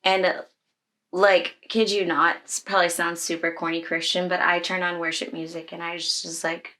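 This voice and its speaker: Children's ministry leader, woman, bright forceful voice, candid emotional storyteller with lots of fillers. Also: lowish voice, level tone, a little slow. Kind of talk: personal storytelling in a conversation.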